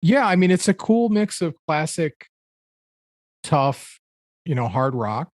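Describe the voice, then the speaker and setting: A man's voice: fairly high pitch, big pitch swings, slow pace, darkish tone, dry recording. Man, podcast co-host, casual music chat, rambling, dry room sound. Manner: rambling, searches for words with fillers.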